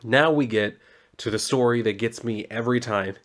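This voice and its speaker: A man's voice: mid-range voice, normal speed. A man casually recapping a comic book story, rambling loosely with lots of fillers and some mild swearing.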